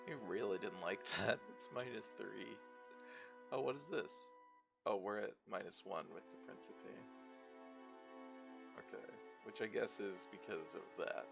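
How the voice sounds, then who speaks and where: A man's voice: fairly low pitch, unhurried, creaky, long pauses, music in the background. A male streamer giving casual gameplay commentary, thinking aloud in muttered asides.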